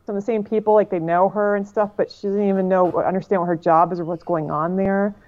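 A woman's voice: medium pitch, fairly even intonation, quick pace, a little mellow, dull audio. A woman co-hosting a casual chat, recounting an internet story in a chatty way full of "like" and "you know".

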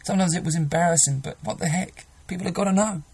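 A man's voice: high-pitched, quick pace, gravelly, darkish tone, breathy edge, rough recording. A man preaching a sermon, earnest and emphatic, often restarting his sentences.

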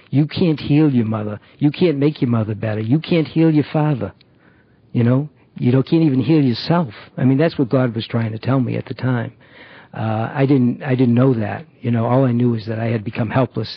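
In a muffled, dull lo-fi recording that is dry, with no room sound, a middle-aged man from a recovery program tells his personal story in fits and starts, full of fillers and restarts. His voice is mid-range, gravelly, and husky.

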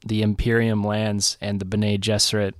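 A man's voice: lowish voice, flat delivery, normal speed, no echo. A man co-hosting a podcast, chatting casually and enthusiastically about a film and sometimes searching for words. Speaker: podcast co-host.

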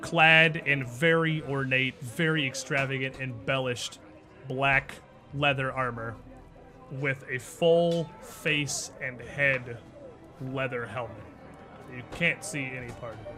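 Bright-toned male game master narrating a tabletop game over soft background music. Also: medium pitch. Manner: descriptive, unhurried narration with fillers.

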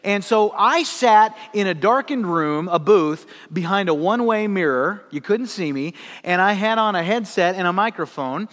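A male pastor preaching a sermon in an animated storytelling manner, with laughing asides. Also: high-pitched, normal speed, hardly any pauses, big-room sound.

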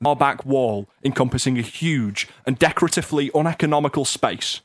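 A man co-hosting a comedy radio show, narrating a mock-epic intro and bantering with deadpan playfulness. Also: medium pitch, a little fast, no echo, studio quality. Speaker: podcast co-host and narrator. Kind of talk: comic scripted narration and banter.

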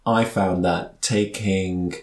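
A man's voice: deep voice, fairly even intonation, takes it slowly. Young man, camp and theatrical podcast guest, roomy echo. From Birkenhead, Merseyside. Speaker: guest, writer. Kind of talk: casual chat. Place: home kitchen.

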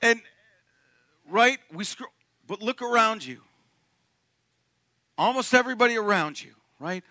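Young man, pastor, lively joking sermon, very high voice, dry close sound. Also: measured pace, pauses often, dry recording. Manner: animated, joking, asks the congregation questions. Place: church sanctuary.

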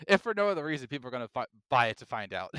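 Man, podcast co-host, casual chat, bright and crisp voice, dry sound, excitable. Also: mid-range voice, racing, no room sound. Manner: excitable, acts out reactions in quoted voices.

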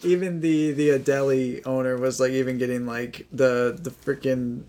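A young man co-hosting a podcast, animated and teasing in casual chat. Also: medium pitch, normal speed. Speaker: podcast co-host.

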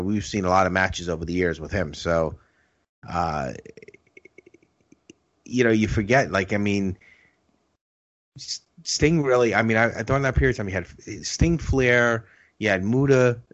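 Low-voiced guy chatting on a podcast, rambly, muffled lo-fi sound. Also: no room sound. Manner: rambling, full of restarts and "you know". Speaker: podcast co-host. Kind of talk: casual podcast chat.

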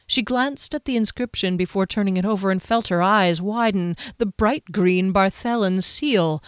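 A woman reading a novel aloud as an audiobook narrator in measured, even storytelling. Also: mid-range voice, clean tone, dry recording, clean studio sound. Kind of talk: scripted narration.

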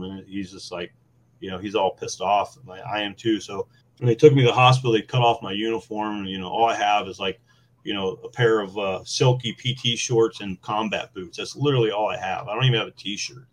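A man with a somewhat low voice tells war stories in a loose, conversational podcast style. He talks with a lot of "you know" and "uh" fillers. He gets animated and laughs at the absurd moments. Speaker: podcast guest, former Marine. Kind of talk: casual storytelling.

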